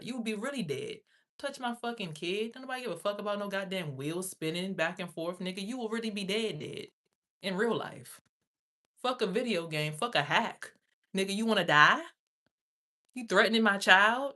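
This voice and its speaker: A woman's voice: mid-range voice, bright, forceful tone. A woman streamer in an angry, profane rant, speaking with a confrontational edge. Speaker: livestreamer.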